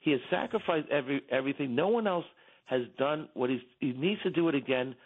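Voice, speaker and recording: A man's voice: medium pitch, animated, fast talker. A middle-aged man calling in as a radio guest, giving fervent, repetitive political commentary with many restarts, heard over a phone line.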